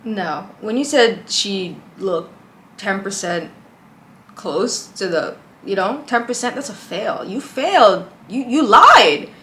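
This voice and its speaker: A woman's voice: medium pitch, animated, slow pace, bright, forceful tone, a little hiss or hum. A woman reacting to a dating story with blunt, exasperated commentary. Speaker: reaction host. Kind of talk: reacting to a video.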